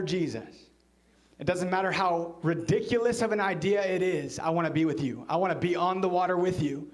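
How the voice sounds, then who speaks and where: A man, the pastor, preaching a sermon in church and telling a story, at times dropping into a hushed low voice for quoted lines. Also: fairly quick.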